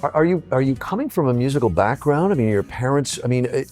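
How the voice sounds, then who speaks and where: A man's voice: mid-range voice, lively intonation, fast, a little mellow, soft background music. A man in his fifties hosting an arts show, asking questions in an enthusiastic, rambling way and often interrupting himself.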